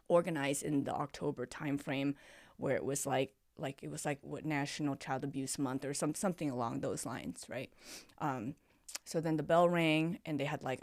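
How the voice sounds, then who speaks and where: A middle-aged woman, a former teacher, telling her story as a guest in a podcast interview, acting out her own quoted words with lively energy. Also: low-pitched, no room sound, clean studio sound.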